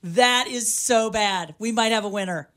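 A woman's voice: on the high side, a little slow, fairly bright tone. A woman co-hosting a morning radio show, trading corny jokes and laughing easily in the studio. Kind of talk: joke-telling morning radio banter. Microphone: studio microphone.

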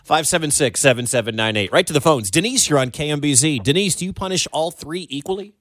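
A man's voice: on the high side, animated, fast talker, fairly bright tone, no room sound. A man hosting a talk radio show, chatting with a co-host and taking callers in a studio. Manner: conversational, takes callers, repeats the phone number. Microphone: studio microphone.

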